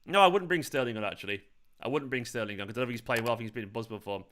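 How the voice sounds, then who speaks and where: A man's voice: mid-range voice, very fast, fairly bright tone. A man hosting a live football watchalong, tired and hungover, frustrated and swearing as he answers his chat. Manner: frustrated, swears often, talks back to chat. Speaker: fan channel host.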